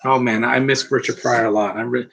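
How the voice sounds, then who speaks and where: A man's voice: mid-range voice, steady tone, brisk, creaky, a bit bright. A man giving a casual live movie commentary, talking in a sentimental, rambling way and getting emotional.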